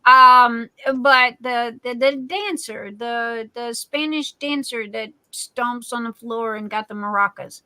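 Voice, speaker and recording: A woman hosts a livestream, greeting viewers and playing the class clown. Her voice is very bright and a little high, and she talks in an unhurried way. The recording is close and dry. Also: fairly even intonation, smooth, no echo, poor audio. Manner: chatty and silly, self-described class clown. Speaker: livestream host. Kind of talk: casual live chat reading viewer comments.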